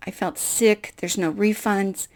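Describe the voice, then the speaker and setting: This middle-aged woman shares a faith story from her life in an unhurried way, her voice medium in pitch. She's lively and self-deprecating, performing the dialogue instead of just reporting it.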